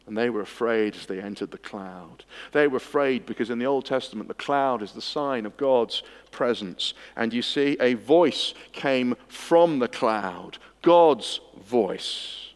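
A man preaching an expository sermon, swinging from hushed moments to emphatic ones. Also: mid-range voice, unhurried, hardly any pauses. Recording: long hall reverb.

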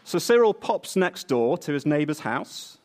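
A man preaching a sermon at the front of a church, telling a Bible story in a playful, animated way. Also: fairly high pitch, unhurried.

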